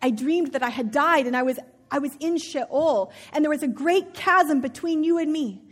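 A woman voicing a frantic rich master who talks in a loud, urgent, pleading way. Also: high voice, normal speed, close to an everyday voice. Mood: distraught.

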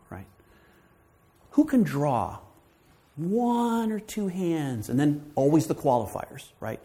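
A man giving a sermon as a guest speaker at a church, telling stories in an animated way, acting out quoted voices and often asking "right?". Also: fairly high pitch, measured pace.

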